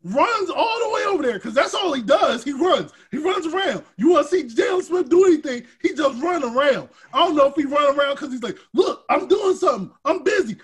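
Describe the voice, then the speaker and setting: A male podcast host in heated sports talk, animated, swinging from shouted rants to low grumbles, with a husky voice. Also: brisk, few pauses.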